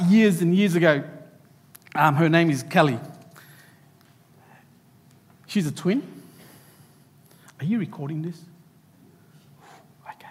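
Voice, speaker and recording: Male preacher, high voice, lively sermon to kids and church, long hall reverb. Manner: animated preaching, addressing children directly. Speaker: pastor.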